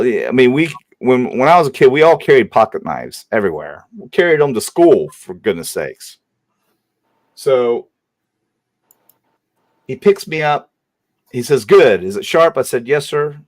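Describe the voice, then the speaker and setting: A man hosting a panel livestream, telling a story in a casual way and acting out the shouted lines of others in a raised voice. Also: medium pitch, unhurried, pauses often, dry recording. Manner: animated, acts out shouted quotes in a raised voice. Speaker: host.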